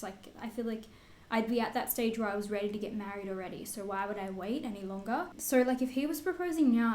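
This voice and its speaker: A woman's voice: a little high, darkish tone, reverberant. A woman in her twenties with an Australian accent, chatting candidly to camera as a vlogger, swearing freely with lots of fillers. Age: 20s. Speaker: beauty vlogger. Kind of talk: casual chat answering assumptions.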